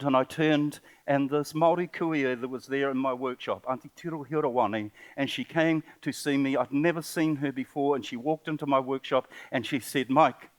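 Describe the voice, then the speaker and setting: At a conference seminar, an older New Zealand man who sculpts and writes poetry gives an impassioned talk drawn from his own life. His mid-range voice is emotional and earnest, faltering at times and then rising in sudden bursts.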